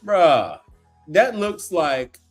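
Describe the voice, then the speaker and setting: A man hosting a casual livestream, talking in an animated, slangy way, exclaiming and repeating himself as he reacts. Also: fairly high pitch, extremely slow, soft background music. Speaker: appliance repair tech livestream host. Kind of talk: casual livestream chat while browsing online.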